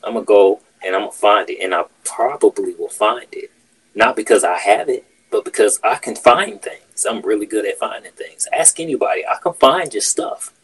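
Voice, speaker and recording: A man's voice: on the low side, animated, moderate pace, husky, poor audio. A man hosting a podcast, telling a workplace story in casual, profane chat. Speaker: podcast host.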